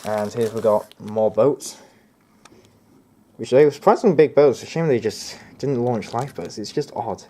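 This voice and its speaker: A man's voice: medium pitch, normal speed, dark tone, slight background noise. A young man giving a casual unboxing review of a model kit, rambling, hesitant and often correcting himself. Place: home near a road.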